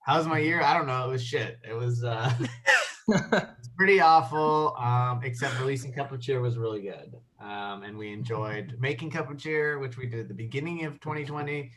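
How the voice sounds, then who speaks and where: A man's voice: medium pitch, normal speed, fairly bright tone. A British man, a guest filmmaker, chatting casually and mocking himself with laughs. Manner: self-mocking, laughs often. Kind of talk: casual chat. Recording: clear background noise.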